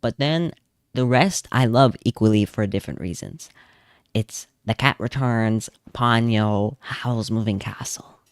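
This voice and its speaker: A man's voice: medium pitch, measured pace, clear, resonant tone, dry recording. A young man streaming as a vtuber, chatting casually and telling rambling, self-amused stories while he draws at home on a close desk mic. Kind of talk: casual chat while drawing.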